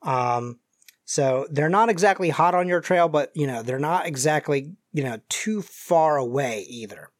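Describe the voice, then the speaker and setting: A man running a tabletop game, narrating the scene with lots of pauses and fillers. His voice sits a bit high, and the recording is dry and close. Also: animated, no echo. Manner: hesitant, many fillers. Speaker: game master.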